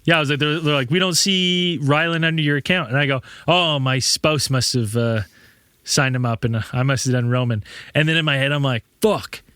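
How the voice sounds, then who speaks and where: A man's voice: medium pitch, brisk, pushed and bright, clear, resonant tone, no room sound. A man in his thirties, a podcast host, telling rambling stories in casual chat, swearing often and laughing a lot.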